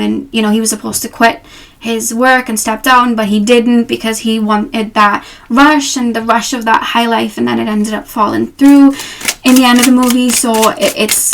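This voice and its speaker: A young woman giving a casual tarot reading to camera, gentle and reassuring, with frequent fillers. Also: fairly high pitch, gravelly. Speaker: tarot reader.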